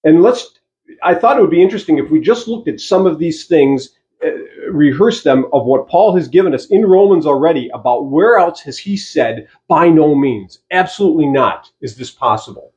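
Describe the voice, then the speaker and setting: A man preaching a sermon as pastor, emphatic, slowing down to stress key phrases and putting rhetorical questions to the congregation. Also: a little high, expressive, a little mellow, highs cut off.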